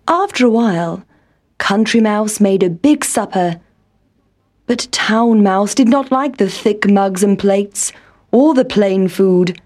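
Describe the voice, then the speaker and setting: Slow gentle woman storyteller. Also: medium pitch, animated. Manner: gentle, clear storybook reading. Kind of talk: children's story reading.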